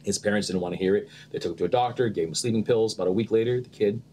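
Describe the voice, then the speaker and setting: A man's voice: on the low side, rapid-fire, a little hiss or hum. A man, an actor and producer, chatting as a guest and acting out quotes as he tells stories. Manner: animated storyteller, acts out quotes with laughter. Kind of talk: casual interview chat.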